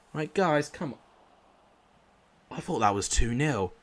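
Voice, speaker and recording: A man's voice: fairly high pitch, lively intonation, slow, long pauses, a bit bright. A young man commentating live on his football game, frustrated and exclamatory, cursing at his players. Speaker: gaming YouTuber.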